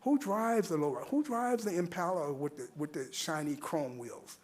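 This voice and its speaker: This public commenter has a somewhat high, slightly mellow, expressive voice and speaks at a moderate pace. At the podium microphone of a civic meeting, he argues earnestly, repeating himself for emphasis and posing rhetorical questions.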